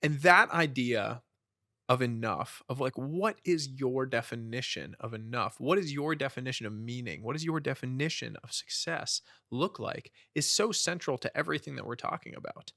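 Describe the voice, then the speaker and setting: Earnest, animated male storyteller. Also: medium pitch, normal speed, creaky, no echo, studio quality. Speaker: podcast guest, author. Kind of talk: conversational storytelling.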